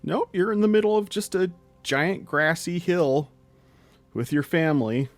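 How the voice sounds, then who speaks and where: A man narrating as game master of a tabletop role-playing game, relaxed and chatty. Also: high voice, unhurried, dry recording, soft background music. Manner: relaxed, chatty, laughs often.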